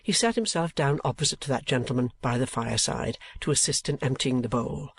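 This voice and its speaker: A man narrating an audiobook in a steady, measured reading. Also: medium pitch, husky. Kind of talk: scripted narration.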